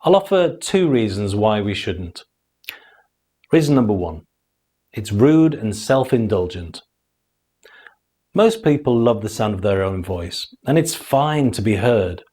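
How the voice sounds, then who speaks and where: A man's voice: on the low side, big pitch swings, measured pace, long pauses, warm tone, breathy edge. A man giving a scripted course lesson, telling anecdotes and acting out the dialogue in them. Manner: storytelling, acting out quoted dialogue. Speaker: course instructor. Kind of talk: scripted teaching monologue.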